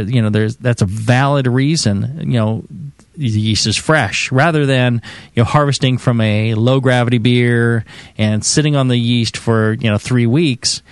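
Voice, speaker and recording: A man's voice: medium pitch, clean tone, no echo. A man co-hosting a live podcast, talking casually with many fillers and restarts. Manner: relaxed, halting with many fillers. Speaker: co-host. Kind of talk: casual chat.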